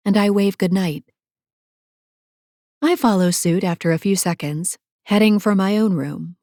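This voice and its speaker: An audiobook narrator with a fairly low, darkish voice reads a first-person romance novel into a close studio mic, and the recording is dry with studio quality. She adds sassy, playful asides and drops to breathy whispers in intimate moments.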